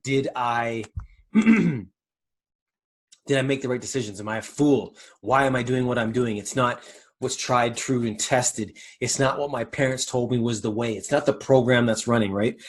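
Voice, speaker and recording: A middle-aged man hosting a motivational podcast, talking in a candid, rambling way with swearing and self-corrections. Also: medium pitch. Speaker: podcast host. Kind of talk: motivational monologue.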